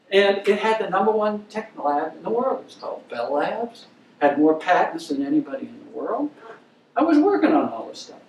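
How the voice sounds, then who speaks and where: An older man giving an anecdotal lecture, telling stories in a blunt, emphatic, opinionated way. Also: sits high. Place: lecture room. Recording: roomy, distant mic with faint hiss.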